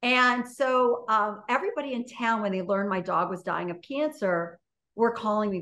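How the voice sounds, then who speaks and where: A woman's voice: medium pitch, moderate pace, fairly bright tone. A woman, a guest on an interview show, telling a story in a chatty, casual way full of "you know" and "like".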